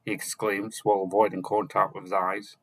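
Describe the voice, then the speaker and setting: A man narrating chapters of a fantasy novel, reading slowly and haltingly, sometimes correcting himself and only lightly voicing the characters. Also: on the low side, little pitch movement, a bit bright, no room sound, poor audio. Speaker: audiobook narrator.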